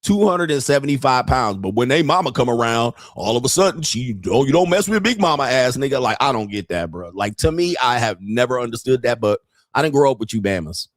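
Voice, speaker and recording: A man's voice: medium pitch, expressive, brisk, no echo, clean studio sound. A man in his fifties, a show host doing a profane, mocking comedic rant and laughing at his own jokes. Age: 50s. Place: home studio.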